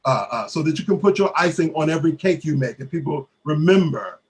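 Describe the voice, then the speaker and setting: A man leading a creative writing workshop, telling stories in a lively way with many fillers and restarts. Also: a little high, fairly quick. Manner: animated storyteller, many fillers and restarts, acts out quoted voices. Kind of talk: casual workshop talk.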